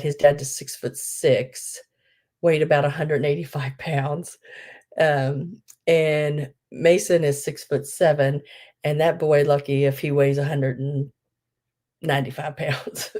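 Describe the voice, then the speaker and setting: A woman's voice: deep voice, flat delivery, takes it slowly, a little mellow. A middle-aged woman, chatting casually on a live sale stream, gushing and trailing off with ums.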